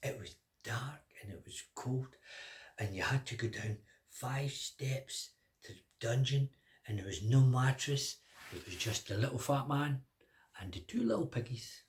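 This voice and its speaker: An older man spins a bedtime tale in a relaxed, conversational way. He stretches words and drops to a hush at key moments, pausing for suspense. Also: medium pitch, a little hiss or hum. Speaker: storyteller. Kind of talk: telling a children's story.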